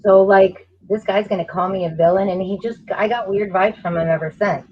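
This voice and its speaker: Husky blunt woman, lo-fi stream. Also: mid-range voice, steady tone, a little fast. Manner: blunt, sarcastic. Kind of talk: casual gossipy chat.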